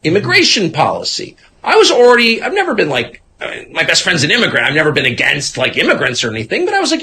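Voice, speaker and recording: A man in his fifties, talking as an interview guest in a sardonic, animated way and mimicking other people as he goes. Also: a little high, fast, few pauses, slight background noise. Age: 50s. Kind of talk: casual conversation.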